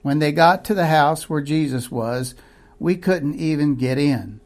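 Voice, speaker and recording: A man's voice: fairly high pitch, measured pace, lightly acted. A man voicing an eager, earnest male villager healed of palsy, making urgent appeals.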